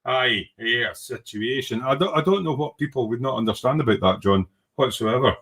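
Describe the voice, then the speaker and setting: A man with a mid-range, slightly bright voice talks briskly while hosting a casual livestream about his model-making hobby. He reads viewer comments aloud, rambles self-deprecatingly in informal British slang, and hums to himself as he clicks around.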